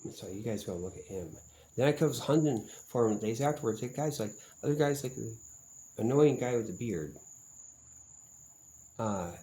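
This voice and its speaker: Low, mellow-voiced man rambling suspiciously. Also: a little hiss or hum, rough recording. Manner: profane, suspicious, meandering with many fillers. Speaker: vlogger. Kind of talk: rambling monologue.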